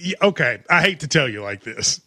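A man's voice: on the high side, very animated, fairly quick, pushed and bright. A man with a Kentucky accent hosting a casual sports talk show, joking and rambling as he talks over his co-host.

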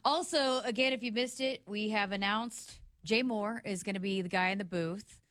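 A woman's voice: medium pitch, moderate pace, fairly bright tone, no room sound. A young adult woman co-hosting a sports radio show in casual chat, laughing often between remarks.

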